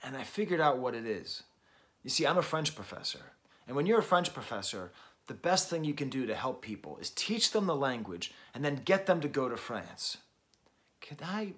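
A man's voice: fairly high pitch, fairly bright tone. A man hosting a casual album review from home, talking while working out, hesitant and full of ums and small chuckles. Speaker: host and record reviewer.

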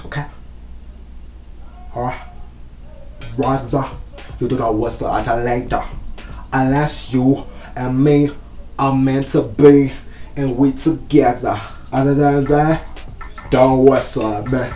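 A man voicing a sassy, bossy young woman who loudly scolds and keeps asking "okay?". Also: mid-range voice, natural voice. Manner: loud, scolding, repeats "okay?". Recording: echoey room, mic at a distance, faint music.

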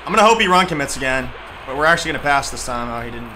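A young man giving excitable, trash-talking commentary over a football video game he is playing. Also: mid-range voice, very fast, background noise. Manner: excitable, trash-talking, shouts at big plays. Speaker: gaming YouTuber. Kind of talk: gameplay commentary.

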